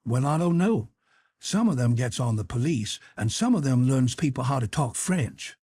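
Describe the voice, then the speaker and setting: A man's voice: medium pitch, lively intonation, moderate pace, dark tone, husky, no room sound, clean studio sound. A man reading an audiobook, voicing a curious young boy who reasons earnestly and asks pointed questions. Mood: reasoning.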